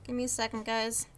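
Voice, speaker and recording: A young woman with a slightly high, bit-bright voice streams a game and chats casually with her viewers. She reads the chat aloud and throws in exasperated asides.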